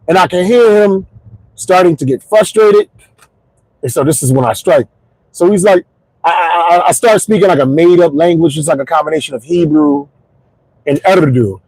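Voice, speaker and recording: A comedian in his forties riffs through a stand-up style monologue from his car, his voice sitting high for a man. He delivers jokes in an animated way, punching punchlines with sudden shouts. The sound is dry and close. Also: normal speed, no echo, rough recording. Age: 40s. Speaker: comedian and podcast host. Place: in his car while commuting home.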